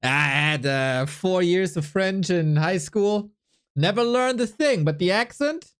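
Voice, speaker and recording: A low-voiced woman with a German accent chats on a livestream as an esports caster. She talks slowly, but her pitch swings wide, and she laughs and swears freely in a playful way. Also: lively intonation, smooth. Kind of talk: casual livestream chat.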